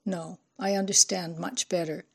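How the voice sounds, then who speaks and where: A woman's voice: on the low side, steady tone, normal speed, vocal fry, a bit bright, breathy edge, heavily acted. A woman doing a grieving, resolute heroine. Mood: sorrowful. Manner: restrained, voice breaking at times.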